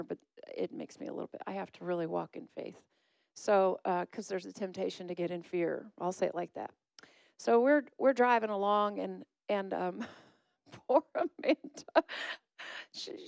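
A woman's voice: medium pitch, dry recording. A middle-aged woman pastor, telling a story in a chatty, laughing sermon.

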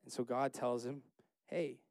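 A man leading a casual Bible study, chatty and laughing, acting out the characters in quick asides. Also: medium pitch, darkish tone, clear, resonant tone, no echo.

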